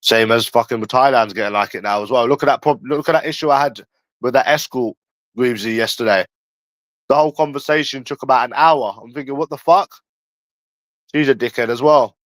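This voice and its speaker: A man's voice: medium pitch, fairly quick, a bit bright, dry recording, rough recording. A man ranting casually on a livestream, blunt and profane, talking straight to a viewer in chat. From England. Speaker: livestream host.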